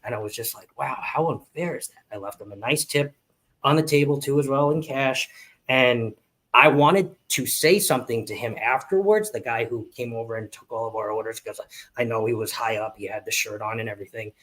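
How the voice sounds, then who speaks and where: Animated male cruise storyteller. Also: a little fast. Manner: animated storyteller, acts out quotes in a high voice. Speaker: podcast co-host. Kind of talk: casual chat, storytelling.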